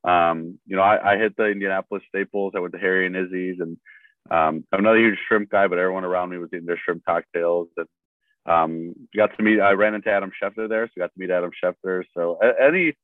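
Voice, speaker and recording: A man's voice: deep voice, fairly even intonation, fast talker, no echo. A young adult man, a sports reporter, telling rambling stories full of fillers in a casual podcast chat. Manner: rambling, filler-heavy storytelling. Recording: tinny dry phone line.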